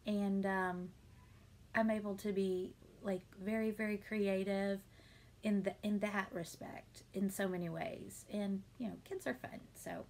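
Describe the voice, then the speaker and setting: Woman in her thirties, home vlogger, casual Q&A, gravelly fry, faint hiss behind. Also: mid-range voice. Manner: chatty, warm-hearted, many ums and laughs. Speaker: beauty vlogger answering viewer questions. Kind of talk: casual Q&A chat.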